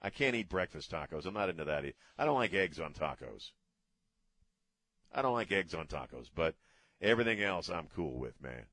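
A man's voice: low-pitched, big pitch swings, a little fast, a bit bright, no echo. A middle-aged man hosting a radio talk show, ranting bluntly in a casual way and cursing freely.

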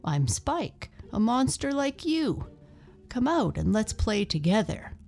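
A woman voicing a friendly, kind young monster in a storybook reading, with warm, coaxing invitations. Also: fairly high pitch, very animated, takes it slowly, faint music behind, voice pushed up, exaggerated voice.

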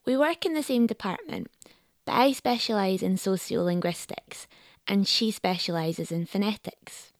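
A woman, presenting as a sociolinguist. She speaks in a clear, measured way. Her voice is close and dry, with no room sound around it. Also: medium pitch, dry recording. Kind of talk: documentary narration and interviewing.

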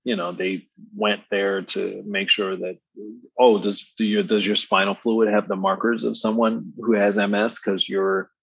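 A man with a baritone voice chatting as a podcast guest, slangy and laid-back, laughing often. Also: level tone, measured pace, gravelly, fairly bright tone, slightly rough, no room sound, low-quality recording. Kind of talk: casual conversational storytelling.

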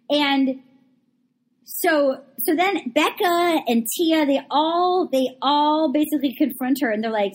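A woman's voice: sits high, normal speed. A woman co-hosting a casual chat, animatedly retelling a reality show, quoting people and swearing freely. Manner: animated storyteller, quotes people in put-on voices, swears freely. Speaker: podcast co-host.

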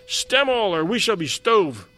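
A man voicing a bold whaling mate who shouts orders to his crew in a commanding voice. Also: sits high, lively intonation, normal speed, soft background music.

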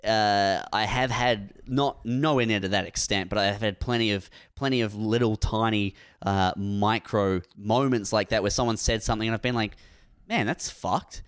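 A man's voice: lowish voice, steady tone, moderate pace, hardly any pauses, clear, resonant tone, dry recording, studio quality. A man in casual podcast chat, telling a story in a blunt, profane way.

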